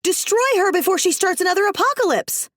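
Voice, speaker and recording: A woman's voice: lively intonation, brisk, a bit bright, no room sound, studio quality. A woman voicing a scheming witch who shrieks frantically in a stolen body. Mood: shrieking. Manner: shrill, frantic.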